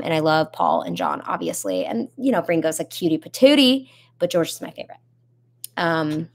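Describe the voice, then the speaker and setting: Young woman chatting w fans on a stream at home, lots of ums n giggles, kinda low n creaky. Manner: giggly, rambling, with many ums. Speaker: singer in a band, hosting a live chat. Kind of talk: casual live-stream chat reading comments. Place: home in Nashville.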